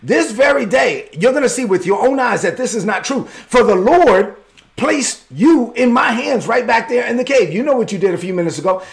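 A bold young hero facing down a king, as a male preacher acts him out. He speaks in a raised, insistent voice, pitched high with a gravelly grain. The delivery presses the case at every line. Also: lively intonation, normal speed, full character voice. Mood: bold, pleading.

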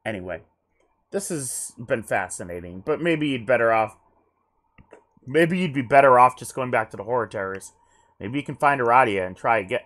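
A man's voice: mid-range voice, expressive, moderate pace, a bit bright. A man streamer reading a text adventure aloud on stream, breaking off for joking asides between passages of narration.

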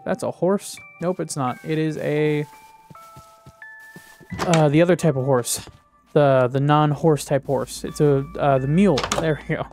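Excitable, self-mocking young gamer guy. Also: on the high side, measured pace, pauses often, soft background music. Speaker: gaming YouTuber. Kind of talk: casual let's-play commentary.

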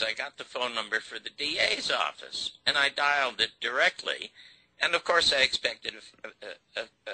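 A man's voice: mid-range voice, vocal fry, sharp tone, husky, no room sound, rough recording. An older man, a guest on an interview show, telling a story and acting out the dialogue.

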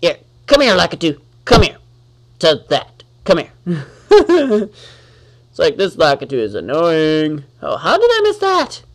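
Man, fairly high voice, unhurried gameplay commentary, chats at enemies, easily irritated. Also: huge pitch swings. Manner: talks to the enemies on screen, easily annoyed, exclaims. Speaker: let's-play gamer.

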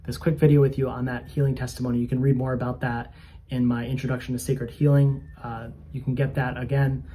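A man's voice: mid-range voice, level tone, a little fast, mellow, a little hiss or hum. A man who hosts a spiritual coaching channel, sharing a personal faith testimony in an earnest, conversational and slightly self-conscious way. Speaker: spiritual coach and video host.

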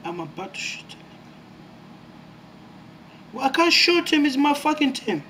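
A young man commentating his own gameplay, excitable and jumpy, swearing often. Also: very high-pitched, measured pace, slight background noise. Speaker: gaming YouTuber.

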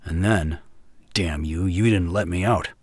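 A man reading the part of a mad, white-haired old doctor who talks low and slyly, laughing to himself, in an audiobook. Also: measured pace, slightly rough, dry recording, clean studio sound. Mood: sly, unhinged. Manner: rambling, low and sly with laughs. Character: mad old male doctor, genial then menacing.

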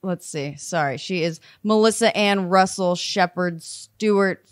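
A woman's voice: lowish voice, a little slow, dry recording, studio quality. A woman co-hosting a true crime podcast in casual chat, blunt and swearing freely. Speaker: podcast co-host.

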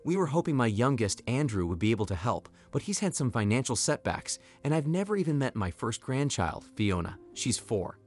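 Guy reading sad grandma in her sixties, steady storybook voice, faint music. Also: mid-range voice, brisk, hardly any pauses, lightly acted.

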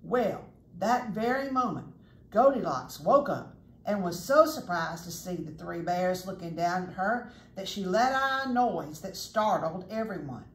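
A woman's voice: fairly low pitch, animated, a little slow. A woman reading a children's picture book aloud as a chatty storyteller, pointing out the pictures as she goes. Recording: echoey room, faint noise.

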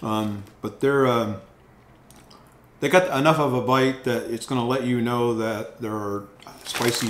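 Rambling man reviewing snacks, echoey room. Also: mid-range voice. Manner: rambling, repeats words, many ums. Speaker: food reviewer, channel host. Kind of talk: casual product review vlog. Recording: echoey room with faint noise.

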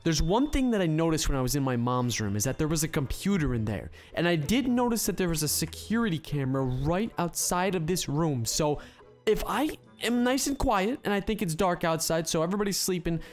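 Excitable man commenting on a role-play game. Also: on the high side, faint music behind. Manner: excitable, exclaiming, quickly indignant. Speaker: gaming video host.

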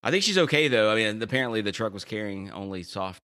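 A man's voice: lowish voice, lively intonation, quick pace, pushed and bright, a little hiss or hum. A middle-aged man co-hosting a podcast in casual chat, trading dad jokes playfully. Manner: dad-joke teller, playful. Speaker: podcast co-host.

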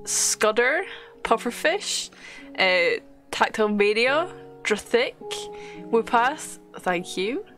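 A woman's voice: fairly high pitch, lively intonation, takes it slowly, a bit bright, soft background music. A young woman streaming a game live, chatting casually, swearing often and laughing as she thanks viewers.

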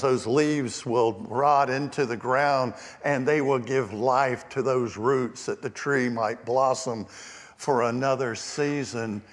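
A man preaching a storytelling sermon as pastor, with shifting emphasis and hushed asides. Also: mid-range voice. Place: church sanctuary. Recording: long church reverb.

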